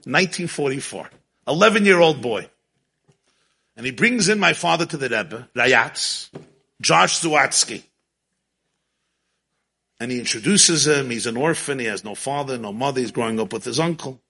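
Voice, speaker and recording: A man telling a story in an animated way, chuckling often and sprinkling in Yiddish and Hebrew terms. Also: mid-range voice, moderate pace, pauses often, slightly rough. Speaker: religious storyteller. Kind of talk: storytelling talk.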